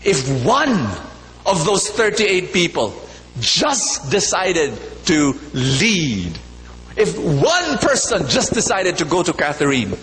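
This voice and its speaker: Preaching in a large church, a man with a slightly high, fairly bright voice repeats phrases, questions his audience, and tells a fable. The sound carries long church reverb and a faint hum.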